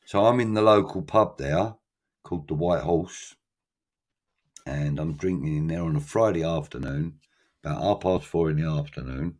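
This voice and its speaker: A man's voice: very deep voice, moderate pace. A man, middle-aged, telling a long story in casual chat, acting out voices and swearing freely.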